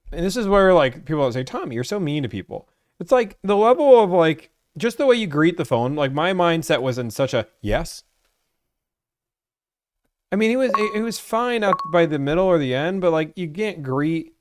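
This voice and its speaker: A man's voice: on the high side, no room sound, studio quality. A young man from Georgia chatting casually on a live stream about buying cars, rambling and filling his talk with "like.". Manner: rambling, full of "like" fillers.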